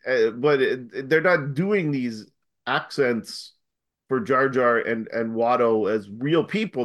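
A man chatting casually on a podcast, his voice at an average pitch. He speaks thoughtfully and often restarts mid-sentence as he works out his point. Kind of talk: casual chat.

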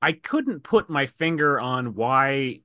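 Bright-voiced man telling movie stories. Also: mid-range voice, slow, no echo, studio quality. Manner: animated storyteller, acts out lines from scenes. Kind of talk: casual podcast chat about movies.

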